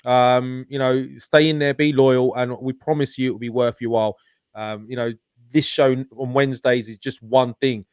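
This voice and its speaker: A man hosting a live-stream chat, upbeat and loose, his talk full of fillers and asides. His voice sits at an ordinary middle pitch. The sound is dry and close, with almost no room around it. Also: little pitch movement, normal speed, a little mellow, smooth, no room sound. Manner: upbeat, chatty, many fillers. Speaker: channel host.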